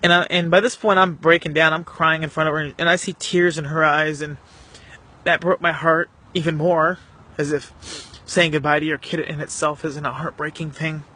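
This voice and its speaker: A man telling a painful personal story to the camera in an earnest, emotional, halting way. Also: a little high, flat delivery, sharp tone. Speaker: vlogger.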